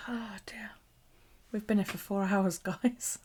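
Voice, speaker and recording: A woman's voice: medium pitch, normal speed, a little mellow, a little hiss or hum. A woman hosting a late-night livestream, chatting casually, laughing often and swearing freely as she rambles. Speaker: bullet-journal livestream host. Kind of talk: casual live-stream chat.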